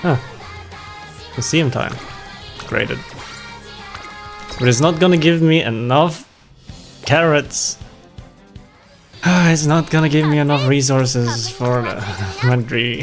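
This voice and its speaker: A man's voice: medium pitch, takes it slowly, long pauses, music in the background. A man streaming a game, chatting casually and reacting with dramatic, self-mocking exclamations and frequent laughs. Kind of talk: casual gaming livestream chat.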